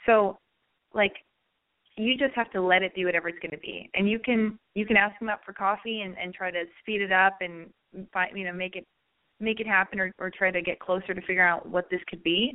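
A woman hosting a radio advice segment, talking in a blunt, animated way and swearing as she gives a caller a pep talk. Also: medium pitch, fairly quick. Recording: phone-like narrow band.

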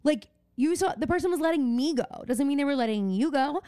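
A woman's voice: brisk, no echo, studio quality. A young woman co-hosting a podcast, telling stories with lots of swearing and dramatic delivery. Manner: expressive, swears freely, dramatic swings from low mutters to squeals. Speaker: podcast co-host. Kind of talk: casual chat.

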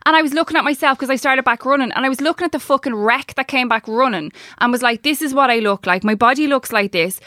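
Irish woman, 30s, podcast co-host; bright, sweary storyteller, dry close sound. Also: high voice, no room sound. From Ireland. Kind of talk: casual chat.

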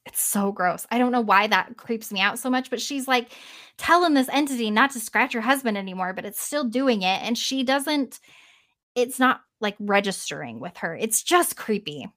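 A woman podcast host casually retelling a story in an animated way, swearing freely and trailing off now and then. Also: fairly high pitch, normal speed.

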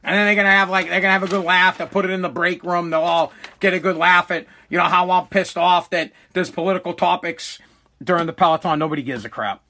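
High, bright-voiced ranting man. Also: fairly even intonation, quick pace. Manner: profane, blunt, rambling storyteller. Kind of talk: ranting comedic monologue.

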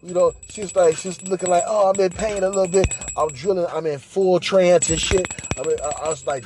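A man's voice: high voice, steady tone, fairly quick, hardly any pauses, noisy background. A man hosting a podcast, telling a crude story in a boastful, profane way, repeating phrases and slipping into singsong. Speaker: podcast host.

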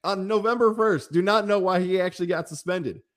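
Sarcastic, fast-talking male sports host. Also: sits high. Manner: fast, sarcastic, gossipy delivery. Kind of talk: casual sports talk.

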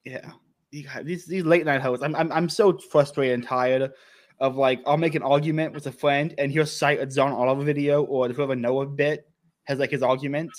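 An American man hosting a casual reaction chat, joking and emphatic, quick to mock himself. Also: medium pitch, steady tone. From United States. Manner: joking, emphatic, self-mocking. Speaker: host.

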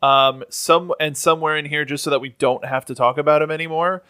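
A man's voice: a little high, fairly even intonation, a little fast, sharp tone, clear, resonant tone, no echo, studio quality. A man co-hosting a casual podcast chat, rambling with many fillers. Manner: rambling with fillers, mimics voices. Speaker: podcast co-host.

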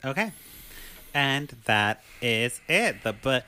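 A man's voice: medium pitch, big pitch swings, takes it slowly, sharp tone, smooth. A man hosting a casual podcast chat, chatty and playful, laughing often. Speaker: podcast host.

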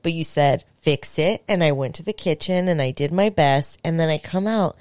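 A young woman hosting a podcast, telling a story in casual chat, animated and swearing, acting out what people said. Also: deep voice, normal speed, clear, resonant tone, no echo. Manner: animated, swearing, acts out quotes. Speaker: podcast host.

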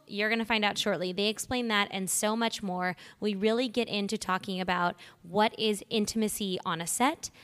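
A young woman hosts a podcast in a chatty, upbeat, candid way. Her voice has a slight morning roughness, and she swears casually as she talks. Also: mid-range voice, fairly bright tone. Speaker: podcast host. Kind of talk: casual podcast monologue and interview.

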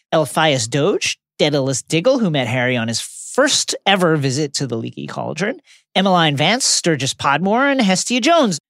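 A man's voice: on the high side, vocal fry, fairly bright tone, dry recording, clean studio sound. A man co-hosting a podcast, retelling a book's chapters in a dramatic, scripted way and acting out quotes. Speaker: podcast co-host. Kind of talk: podcast book recap, read from a script.

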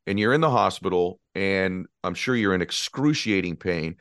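A man's voice: low voice, animated, normal speed, fairly bright tone, smooth, no room sound, clean studio sound. A man hosting an interview, responsive with frequent affirming murmurs and openly moved by the story. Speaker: podcast host. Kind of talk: interview conversation.

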